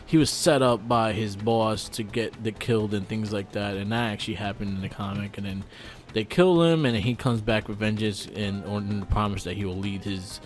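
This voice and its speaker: A man co-hosting a podcast, talking about a movie in a laid-back way and swearing casually. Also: on the low side. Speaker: podcast co-host. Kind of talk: casual movie review chat.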